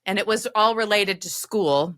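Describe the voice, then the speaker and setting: A woman's voice: mid-range voice, normal speed, fairly bright tone. A middle-aged woman hosting a podcast, telling stories in a chatty, self-deprecating way. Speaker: podcast host. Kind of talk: casual chat.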